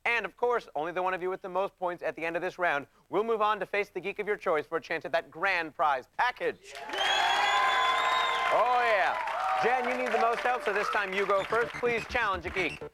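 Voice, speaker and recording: A man's voice: high voice, moderate pace, some chatter behind, a little hiss or hum. A man hosting a television game show in an upbeat, announcer-like way. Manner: energetic, announcer-like. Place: TV studio. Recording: studio with audience and music. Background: studio audience and show music.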